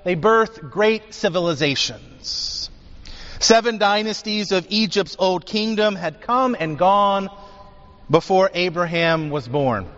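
A man's voice: high voice, takes it slowly, fairly bright tone. Emphatic preacher man in a reverberant hall. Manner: emphatic teaching with rhetorical questions. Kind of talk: sermon. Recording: dull sound with long hall reverb.

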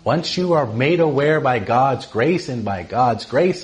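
Lively man teaching Scripture, conversational, keeps asking "right?", voice jumps up for emphasis. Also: unhurried. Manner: animated, often asks "right?", rises in pitch for emphasis. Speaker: Bible teacher.

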